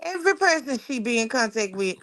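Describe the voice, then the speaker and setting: A woman's voice: on the high side, very animated, a little fast, a bit bright. A woman guest in a casual group chat, emphatic and repeating herself for effect, using loose slang.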